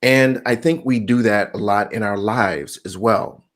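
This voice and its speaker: A man in his forties hosting a daily reminder, telling a lively motivational story with bursts of mock outrage and laughter. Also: fairly low pitch, measured pace. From United States. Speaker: host of a daily reminder series.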